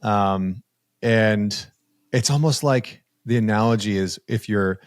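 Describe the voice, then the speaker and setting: A man with a fairly low voice hosts a casual podcast conversation. He thinks out loud, restarting sentences as he hunts for the right words, and his voice sits dry and close to the mic. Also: takes it slowly, no room sound. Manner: thinks aloud, hesitant restarts, searching for words. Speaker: podcast host.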